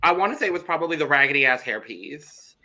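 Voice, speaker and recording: Bright-voiced chatty young man. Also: a little high, expressive, fast. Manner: chatty, swears, trails off into repeated words. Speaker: podcast co-host. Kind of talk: casual chat.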